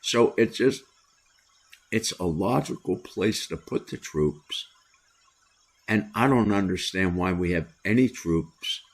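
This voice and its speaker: An older American man hosting a solo commentary, talking in a deliberate, opinionated way with many "uh" pauses. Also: deep voice, breathy edge. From United States. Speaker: commentary host.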